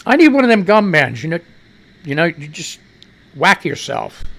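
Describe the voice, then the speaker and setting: A man's voice: fairly high pitch, sing-song, normal speed, creaky, fairly bright tone. A middle-aged American man hosting a live radio news show, rambling and profane, talking back to himself as he reads the news. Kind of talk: casual live-stream news commentary.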